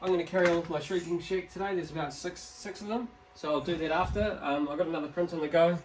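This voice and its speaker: A man's voice: fairly high pitch, fairly even intonation, quick pace. A man from New chatting in a laid-back, slightly hesitant way on a shop vlog. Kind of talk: casual chat. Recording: faint background noise.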